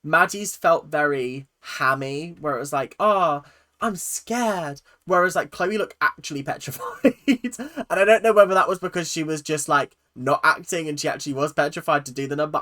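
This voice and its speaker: A chatty reaction-video host, animated and swearing casually, laughing often into a close mic. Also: medium pitch, a little fast.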